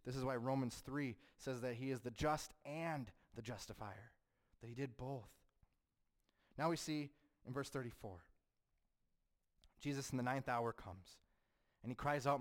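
Man preaching with dramatic hushed drops. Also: medium pitch, normal speed. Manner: swings between fervent rises and hushed, solemn drops. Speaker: pastor. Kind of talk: sermon.

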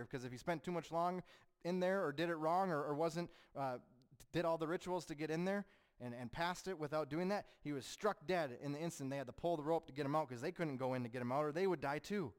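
A man preaching a sermon, who swings between fervent, rising passages and hushed, solemn ones. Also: on the high side, clear, resonant tone. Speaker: pastor.

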